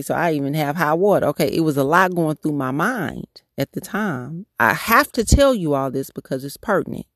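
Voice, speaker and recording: Woman host, devotional testimony, earnest and candid, gravelly voice, dry close sound. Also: sits low, no echo. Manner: candid, earnest storytelling with restarts. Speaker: podcast host.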